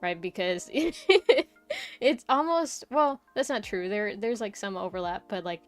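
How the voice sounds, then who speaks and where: A woman's voice: mid-range voice, expressive, takes it slowly, soft background music. A young woman streamer chatting casually, rambling through a story with lots of "like" and "right?".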